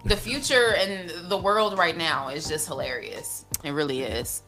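A woman's voice: low-pitched, unhurried, sharp tone, faint music behind. A woman co-hosting a studio talk show, teasing and laughing through casual banter. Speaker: co-host. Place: radio-style studio.

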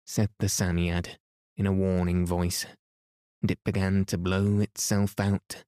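A man narrating a bedtime story in a calm, soothing way for listeners falling asleep. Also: low-pitched, unhurried, dry recording, clean studio sound. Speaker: podcast host, reader.

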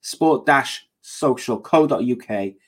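A man's voice: mid-range voice, lively intonation, slow, slightly rough. A man with a Welsh accent hosting a podcast, rambling and joking playfully. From Wales. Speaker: podcast host.

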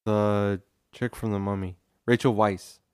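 A man's voice: on the low side, fairly even intonation, measured pace, darkish tone, smooth, no echo, clean studio sound. A man in a casual podcast chat, laid-back and making short remarks.

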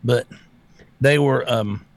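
A man's voice: mid-range voice, slow, no room sound. A man co-hosting a casual political talk show, blunt and sarcastic and swearing freely.

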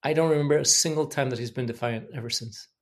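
A man's voice: medium pitch, fast. A man from Mexico speaks as a podcast guest in an earnest, candid way. He reflects openly on his own habits as a parent and keeps a mid-range voice. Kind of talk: reflective personal storytelling.

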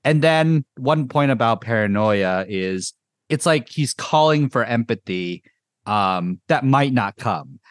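A man hosting a podcast in casual chat, rambling and excitable with lots of filler words. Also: medium pitch, slow pace, dry recording, clean studio sound. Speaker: podcast host. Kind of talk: casual chat reviewing music.

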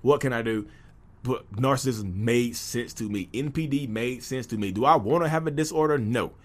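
A man's voice: medium pitch, moderate pace. A man in his thirties tells his own story in a candid, conversational way, full of "you know" fillers. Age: 30s. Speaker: podcast host. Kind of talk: personal storytelling monologue.

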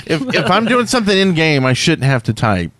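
A man's voice: fairly high pitch, big pitch swings, a little fast, over a noisy crowd. A man co-hosting a gaming podcast, giving blunt opinions. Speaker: podcast co-host. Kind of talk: casual gaming chat.

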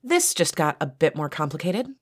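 A woman voicing a bossy young sorority sister who gives orders briskly, in an audio story. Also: low voice, very animated, slightly rough, exaggerated voice. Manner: brisk, commanding.

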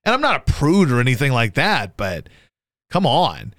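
Animated, bright-voiced male radio host. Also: moderate pace, dry recording, studio quality. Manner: animated, profane, mimics people in sudden high yelps. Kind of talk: casual sports talk banter.

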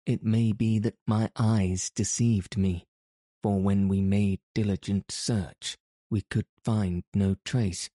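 A man's voice: on the low side, fairly even intonation, takes it slowly, mellow, dry recording, studio quality. A man voicing a timid male imp servant who pleads humbly and stammers in fear. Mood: pleading, fearful.

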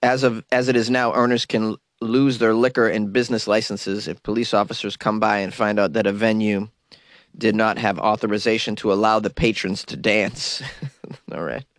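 A man's voice: on the low side, fairly even intonation, moderate pace, dry recording, clean studio sound. A man with a cold reading news items aloud and mocking them in wry comic commentary. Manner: wry, mocking asides between read-outs. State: has a cold. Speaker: host.

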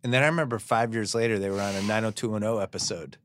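A man in his forties from the East Coast, hosting a podcast, relaxed and amused as he asks short questions. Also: lowish voice, racing, dry recording, studio quality. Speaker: podcast host. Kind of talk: casual interview chat.

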